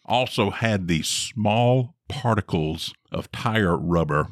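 A middle-aged man co-hosting a podcast, telling a story in a dry, drawn-out way with wry emphasis. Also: on the low side, animated, dry recording. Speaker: podcast co-host. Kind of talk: casual storytelling chat.

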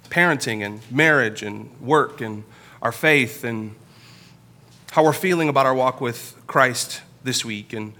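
Pastor guy in his 30s preaching, bright clear voice, earnest and confessional, takes pauses. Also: medium pitch. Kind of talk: sermon. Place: church.

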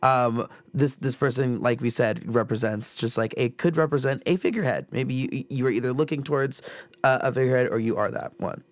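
A man's voice: medium pitch, a little fast, dry recording. A man co-hosting a podcast in a loose, joking way, trailing off and starting his sentences over. His voice sits in a middle register and sounds close and dry, with no room around it. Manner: joking, rambling with restarts. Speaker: podcast co-host. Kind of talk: casual chat.

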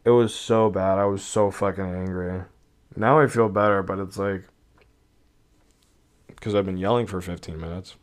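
Smooth-voiced young man ranting profanely. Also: deep voice, fairly even intonation, normal speed, long pauses. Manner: rambling, profane and exasperated. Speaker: podcast host. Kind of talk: casual rant.

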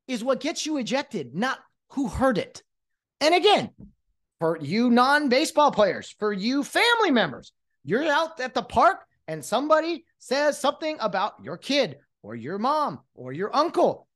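In a very high-pitched, very animated voice with a slightly bright quality, a man in his late thirties rants in exasperation on his solo podcast. He's a former umpire, speaks unhurriedly, and restarts his sentences a lot.

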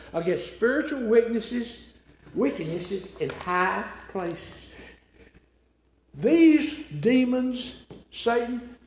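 A male preacher delivering a sermon in a high, lively voice that rises and falls widely. He hammers his points with repeated phrases and rhetorical questions. The sound carries the echo of a roomy hall. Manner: emphatic, repetitive, with rhetorical questions. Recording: echoey room.

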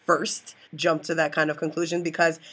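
A woman co-hosting a podcast, chatting casually and chiming in with relaxed, sympathetic remarks. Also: sits low, moderate pace, slightly rough. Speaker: podcast co-host. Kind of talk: casual chat.

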